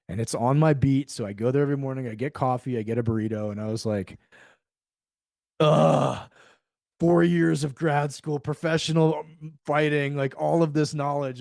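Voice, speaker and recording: Man, middle-aged, guest storyteller: animated, acts out dialogue, curses casually; mid-pitched, dry close-miked sound. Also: no room sound. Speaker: podcast guest. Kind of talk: storytelling in a conversational interview.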